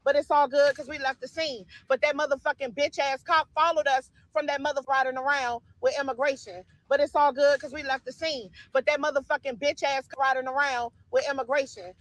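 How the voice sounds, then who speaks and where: A man's voice: very high-pitched, steady tone, brisk, few pauses, a bit bright, dry recording, low-quality recording. A man livestreaming from a city street and car, talking in a profane, emphatic, repetitive way. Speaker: livestreamer at a protest. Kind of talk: livestream commentary.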